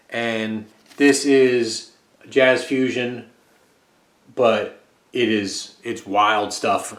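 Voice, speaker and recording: A man from the United States rambling casually about the records he collects, with lots of fillers. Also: lowish voice. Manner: rambling and relaxed, with frequent fillers. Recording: echoey room.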